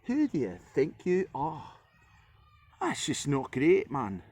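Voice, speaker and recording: A man's voice: fairly high pitch, huge pitch swings, slow, a little mellow, husky, voice pushed up, full character voice. A man voicing a grumpy male influencer in a put-on Scottish accent, complaining indignantly.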